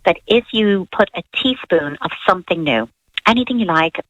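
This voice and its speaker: A woman speaking as a parenting expert on a radio talk show, explaining advice calmly and practically. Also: fairly low pitch, normal speed, no room sound. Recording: dull lo-fi radio sound.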